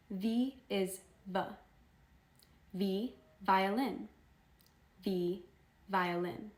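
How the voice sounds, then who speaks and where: A teenage girl teaching toddlers the alphabet, sounding out each letter and word slowly and cheerfully. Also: medium pitch, echoey room. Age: teens. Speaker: children's phonics teacher. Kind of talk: slow, deliberate phonics lesson for toddlers.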